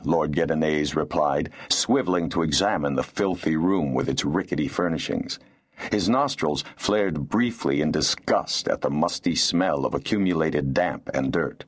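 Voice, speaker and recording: A man reading a fantasy novel aloud as an audiobook narrator, with expressive storytelling. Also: a bass voice, moderate pace, slightly rough. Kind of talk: scripted narration.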